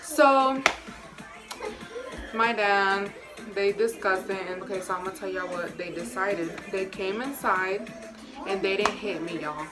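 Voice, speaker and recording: A woman's voice: medium pitch, a little slow, long pauses. A young woman vlogger chatting casually and telling a personal story straight to her viewers, full of slang. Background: music.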